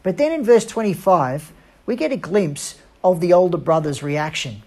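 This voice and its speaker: A woman preacher giving an earnest, emphatic sermon with dramatic pauses. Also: fairly low pitch, lively intonation, a little mellow.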